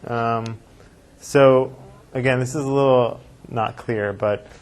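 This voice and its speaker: A rabbi teaching a classroom lecture, thinking aloud and reading verses aloud with emphasis, with class discussion. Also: male voice, medium pitch, steady tone, takes it slowly.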